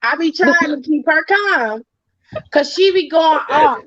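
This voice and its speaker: A woman's voice: high-pitched, a little slow, no room sound. A woman co-hosting a podcast, chatting casually with features and acting out her friends' lines as she tells stories. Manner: animated storyteller acting out friends' lines, laughing often. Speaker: podcast co-host. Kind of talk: casual chat. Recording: dull dry lo-fi sound.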